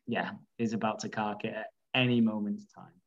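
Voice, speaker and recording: A man's voice: on the low side, fairly even intonation, fairly quick, slight background noise. Man, podcast host, casual chat, laughs often, slightly muffled sound. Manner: chatty, laughs often, frequent fillers.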